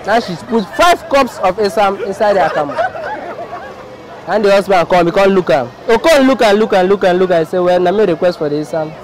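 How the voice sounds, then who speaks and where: Animated Nigerian man telling a story. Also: sits high, a little fast, rough recording. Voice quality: animated, mimics characters. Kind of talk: comic storytelling. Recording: outdoor crowd and street noise.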